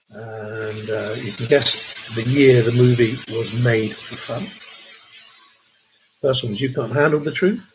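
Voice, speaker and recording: A man's voice: mid-range voice, slow, pauses often, slight background noise, poor audio. A man hosting a charity pub quiz livestream, chatting and reading out donors' messages between the questions. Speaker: quiz host.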